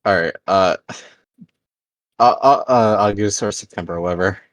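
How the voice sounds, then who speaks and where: A man's voice: on the low side, normal speed, no room sound. A man playing a tabletop game, speaking hesitantly with many ums and uhs. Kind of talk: casual game chat.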